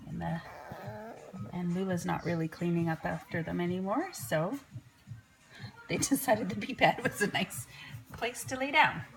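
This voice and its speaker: A woman's voice: lowish voice, moderate pace, vocal fry, long pauses, faint music behind, rough recording. A woman breeder chatting to her puppies in cooing baby talk, laughing often, indoors at a whelping pen. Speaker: dog breeder. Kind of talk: casual vlog narration.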